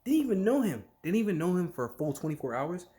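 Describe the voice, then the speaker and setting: A vlogger in a casual, rambling rant to camera, packed with "like" fillers and quick acted-out quotes. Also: medium pitch, big pitch swings, mellow. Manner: filler-heavy, lots of "like", jumps between thoughts; acts out quick quoted voices mid-story.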